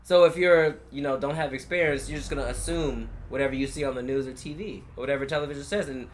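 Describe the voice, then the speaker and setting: A man's voice: mid-range voice, quick pace, slight background noise. A young man from California, telling stories in casual conversation, swearing freely and acting out the people he quotes. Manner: profane, animated storyteller who acts out quoted people.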